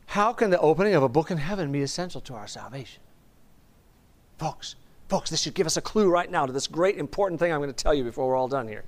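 A man's voice: on the high side, expressive, quick pace. A man teaching a Bible study in a chatty, enthusiastic sermon style, often asking his listeners questions.

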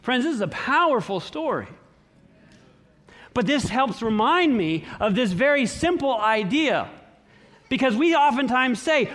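A man's voice: very high-pitched, sing-song, measured pace, a bit bright. A man preaching a sermon, reading scripture aloud and adding short emphatic comments. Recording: long hall reverb.

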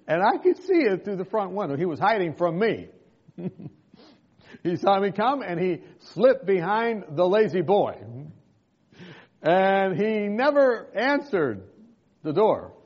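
Male pastor, storytelling sermon, slightly high voice, frequent laughs, dull lo-fi recording. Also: slow, long pauses, husky. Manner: lively, laughs often between lines.

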